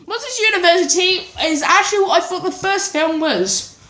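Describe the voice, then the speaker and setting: A woman from England with a very high, bright, forceful voice rambles casually through a movie ranking from her home kitchen, animated and speaking at a normal pace. The vlogger is scatterbrained, full of tangents, restarts and "anyways." The kitchen sounds echoey, with birds faintly audible.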